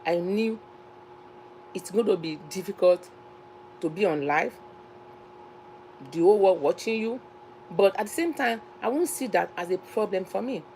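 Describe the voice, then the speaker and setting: A woman's voice: mid-range voice, moderate pace, long pauses, darkish tone, a little hiss or hum, poor audio. A Nigerian woman who hosts a cooking channel, talking earnestly to her viewers, often repeating herself and restarting phrases. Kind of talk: casual talk to camera.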